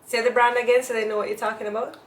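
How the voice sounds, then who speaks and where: A woman's voice: fairly high pitch, flat delivery, very fast, low-quality recording. A woman from Jamaica with a Jamaican accent, co-hosting a casual chat in a teasing, chatty way. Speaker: co-host.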